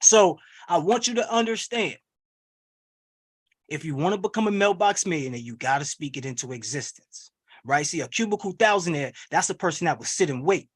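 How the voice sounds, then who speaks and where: A man coaching on an online webinar, rallying listeners with an energetic, preachy call-and-response style over a video call. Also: fairly high pitch, fairly quick, husky. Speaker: wealth coach hosting a webinar. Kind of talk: hype motivational webinar coaching.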